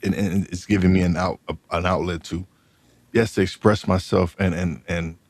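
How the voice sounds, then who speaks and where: A man hosting a podcast, talking in a halting way and repeating his words as he tells his story. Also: low-pitched, steady tone, a little mellow, no room sound. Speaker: podcast host. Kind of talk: casual interview chat.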